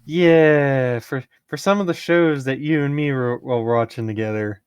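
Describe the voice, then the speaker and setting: A man's voice: mid-range voice, unhurried, smooth, no echo, clean studio sound. A man chatting casually on a podcast, teasing his friend and stumbling over his words. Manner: stammering, teasing. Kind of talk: casual chat.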